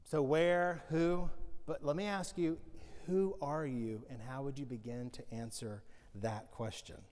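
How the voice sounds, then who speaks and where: A male pastor giving a conversational, joking sermon with animated storytelling. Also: medium pitch, unhurried, in a large hall.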